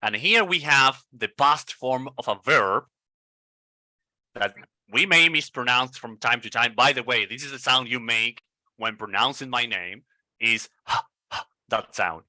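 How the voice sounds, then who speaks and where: A man whose first language is Spanish, coaching English pronunciation in an online lesson and repeating each word slowly to model its sound. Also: medium pitch, sharp tone, no echo. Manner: slow, repeats words over and over to model sounds. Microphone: video call.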